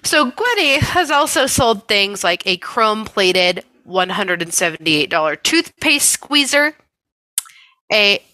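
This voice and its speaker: Woman podcast co-host, casual and sarcastic, bright voice, dry close mic. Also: mid-range voice, very animated, no echo. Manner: sarcastic, laughing often, drawn-out emphasis. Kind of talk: casual chat.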